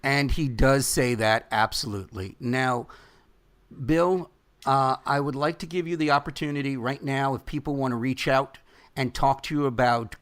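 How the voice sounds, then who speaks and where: A man's voice: medium pitch, steady tone, normal speed, a bit bright. A man hosting a podcast interview, speaking earnestly and emphatically and turning to address his listeners directly. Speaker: podcast host.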